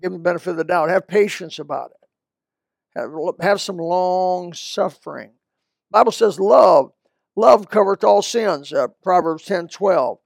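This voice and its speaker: An older man, a Baptist pastor, preaching a sermon in a folksy, conversational way with quick asides. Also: high-pitched, vocal fry, no room sound, clean studio sound. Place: church.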